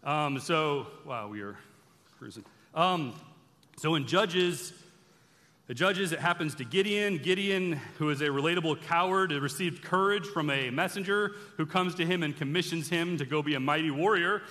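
A man giving an animated sermon-style bible teaching, telling the stories casually and acting out the characters' lines. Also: on the high side, normal speed. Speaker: preacher. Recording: long reverb from a large hall.

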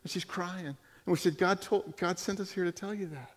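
A man preaching a sermon and telling stories, animated and full of restarts and repeated words. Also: fairly high pitch, moderate pace, slight background noise. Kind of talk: sermon with storytelling. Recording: long hall reverb.

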